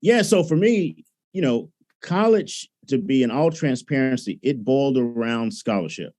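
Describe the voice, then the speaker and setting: Animated man telling a story. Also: medium pitch, moderate pace. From Alabama, USA. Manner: animated storyteller, acts out his own past thoughts. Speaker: choral conductor and educator. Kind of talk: conversational storytelling.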